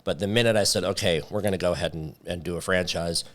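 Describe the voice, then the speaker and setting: A man with a very low voice tells his story as a company founder in a relaxed interview. He brings the story to life by acting out what each person said. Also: fast. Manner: lively storyteller who acts out quoted dialogue.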